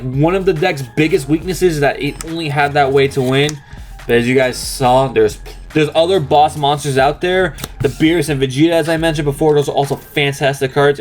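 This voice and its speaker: A young man hosting a card game channel, chatting casually and explaining a deck step by step in an upbeat, talkative way. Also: a little high. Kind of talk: casual deck profile walkthrough.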